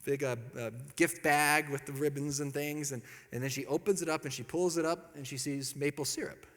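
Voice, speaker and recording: Animated man telling stories in a big hall. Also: fairly quick. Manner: animated, acts out quotes with big pitch jumps. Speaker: Catholic speaker. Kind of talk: storytelling talk to an audience. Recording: long hall reverb.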